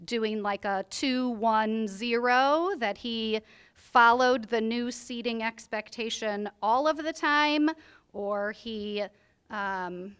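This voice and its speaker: A woman at a training workshop reports back for her group in a smooth, fairly high voice. She explains the plan step by step with frequent "like" fillers. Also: slow pace, fairly bright tone. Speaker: workshop participant. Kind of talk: group share-out.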